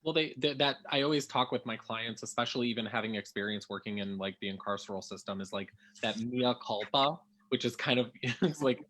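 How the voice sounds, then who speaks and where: Male counselor guest, bright and forceful tone, explains at length with fillers. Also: medium pitch, fairly quick, few pauses. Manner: reflective, explanatory, thinks aloud with fillers. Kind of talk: casual podcast chat.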